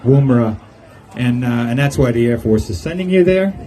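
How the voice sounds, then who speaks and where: A man's voice: medium pitch, expressive, moderate pace, dark tone, low-quality recording. An older man giving a humorous farewell speech on an outdoor patio, telling jokey stories and chuckling at his own punchlines. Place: outdoor golf club patio.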